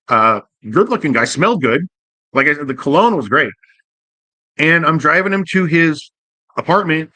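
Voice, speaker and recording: A man hosting a show who tells a profane, jokey anecdote in a casual and animated way. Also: mid-range voice, no room sound. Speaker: host. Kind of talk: casual comic storytelling.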